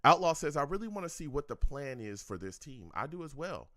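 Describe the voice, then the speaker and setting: A man's voice: fairly high pitch, sing-song, a little fast, noisy background. A man hosting a live-streamed sports talk show, answering the chat and talking animatedly, repeating himself and laughing often.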